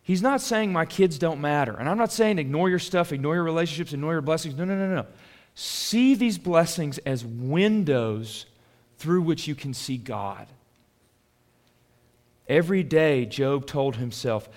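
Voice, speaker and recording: A young adult man, a pastor preaching a conversational sermon that drops soft and swells loud. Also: on the high side, animated, normal speed.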